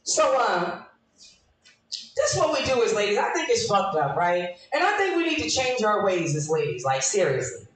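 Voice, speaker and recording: A woman's voice: mid-range voice, very animated, moderate pace. Brash profane woman comic, echoey room. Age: 40s. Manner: brash, profane, laughing at her own jokes. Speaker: stand-up comedian. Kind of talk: live stand-up with crowd work. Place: small live comedy room. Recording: echoey room from far off, faint noise.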